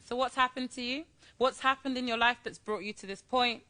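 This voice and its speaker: A calm clinical psychologist. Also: female voice, on the high side. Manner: calm, measured, reassuring. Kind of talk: stage play acting.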